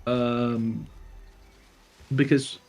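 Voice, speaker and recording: A man playing a tabletop game, talking casually at a middling pitch. He jokes around and drops swear words freely in loose banter with the table. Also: little pitch movement, very slow, darkish tone. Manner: swears, joking. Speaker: player.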